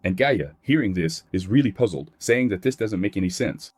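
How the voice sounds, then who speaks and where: A man's voice: fairly low pitch, animated, moderate pace, a little mellow, slightly rough, no room sound. A man narrating a comic recap in a plain scripted read, voicing characters' quotes in his own voice.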